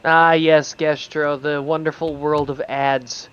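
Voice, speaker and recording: A man trades jokes in relaxed voice chat, full of playful over-the-top threats and casual swearing. His voice sits a little high for a man and comes through a dull, lo-fi microphone. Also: slow, smooth. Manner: jokey, mock-threatening, swears freely. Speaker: streamer.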